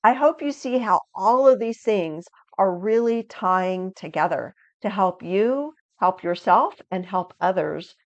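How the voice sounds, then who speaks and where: Energetic woman teaching a video lesson. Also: fairly low pitch, dry recording, highs cut off. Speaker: resilience educator.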